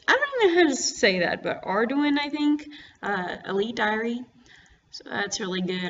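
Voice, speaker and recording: A woman giving casual commentary over her own gameplay, chatty and full of fillers and restarts. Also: medium pitch. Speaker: gaming vlogger. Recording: slightly dull audio with faint noise.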